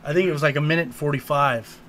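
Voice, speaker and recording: Male co-host, higher register, lively casual recapper who acts out quotes. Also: fast, slight background noise. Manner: animated retelling, quotes lines in put-on voices. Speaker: podcast co-host. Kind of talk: casual movie recap chat.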